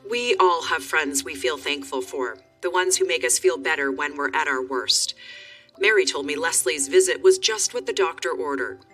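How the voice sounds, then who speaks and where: A TV correspondent giving scripted documentary narration in a measured, even way and asking interview questions. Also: mid-range voice, breathy edge, distant mic, faint music behind.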